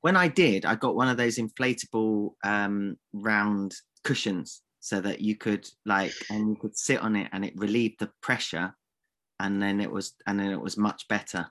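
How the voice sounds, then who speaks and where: A man's voice: lowish voice, moderate pace, a bit bright. Playful man tossing theatrical insults. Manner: playful, mock-outraged, fond of theatrical old-fashioned insults. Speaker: podcast co-host. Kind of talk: casual podcast banter.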